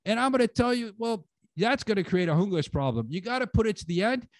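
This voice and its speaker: A man's voice: high voice, expressive, fast, no room sound. A man giving a casual conference lecture as a language teacher, speaking bluntly with joking, slangy phrasing. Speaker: conference lecturer and English lector.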